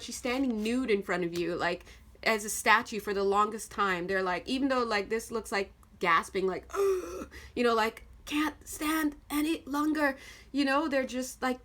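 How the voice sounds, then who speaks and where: A woman giving a casual tarot reading, talking straight to the viewer in a chatty, animated way and laughing often. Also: medium pitch. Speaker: tarot card reader.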